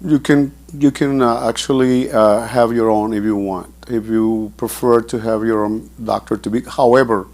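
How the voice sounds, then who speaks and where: A man's voice: medium pitch, steady tone, moderate pace, hardly any pauses, a little mellow. Hesitant man answering residents' questions. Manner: hesitant, many restarts. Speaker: facility administrator answering questions. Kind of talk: answering questions at a town hall.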